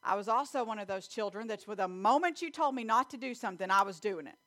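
Woman, middle-aged, sermon, lively storytelling, quick bursts of speech. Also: medium pitch. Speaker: preacher.

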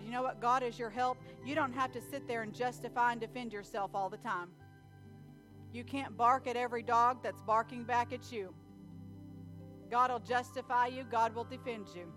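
A woman preaching a sermon in church, telling stories and acting out scenes with loud animated bursts. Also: fairly high pitch, moderate pace, faint music behind. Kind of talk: sermon with storytelling.

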